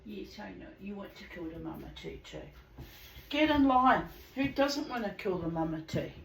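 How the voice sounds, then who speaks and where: A woman's voice: mid-range voice, sing-song, normal speed, vocal fry, reverberant, a little hiss or hum, rough recording. A woman reading aloud at home in a casual, frank way that is full of swearing, with pet birds around her. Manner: frank and earthy, swears freely. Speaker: channel host reading aloud.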